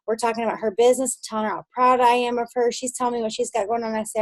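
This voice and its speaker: A woman with a fairly high voice coaches her sales team in a relaxed, chatty way. She acts out the phone calls she describes and keeps checking that her listeners follow along. The sound is close and dry, with no room echo. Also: rapid-fire, few pauses. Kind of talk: casual instructional talk.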